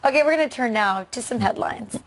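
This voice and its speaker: A woman's voice: fairly high pitch, animated, brisk, creaky, over a noisy crowd. A woman co-hosting a morning show, reading headlines in an upbeat tone. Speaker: news show co-host. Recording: TV studio with music bed.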